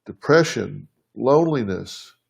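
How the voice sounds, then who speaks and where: A man's voice: mid-range voice, lively intonation, a little slow, gravelly, darkish tone, breathy edge. A man hosting a live show from his home, speaking earnestly and plainly to viewers, thinking aloud as he answers their questions. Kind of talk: live casual address to viewers.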